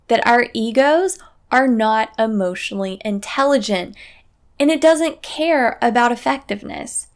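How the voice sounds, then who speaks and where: A woman hosting a parenting podcast, giving calm, matter-of-fact advice in a scripted solo talk. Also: a little high, measured pace, clear, resonant tone.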